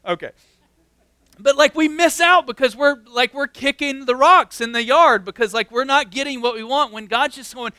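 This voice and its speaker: High, bright-voiced man preaching casually. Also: moderate pace, clear, resonant tone, no echo. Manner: casual, constantly says "like". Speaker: pastor. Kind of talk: conversational sermon.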